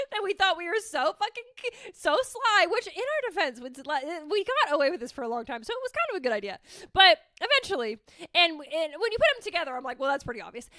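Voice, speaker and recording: Casting: woman in her thirties, high bright voice, candid storyteller, swears freely. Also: big pitch swings, brisk, dry recording. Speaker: podcast host. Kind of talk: casual storytelling.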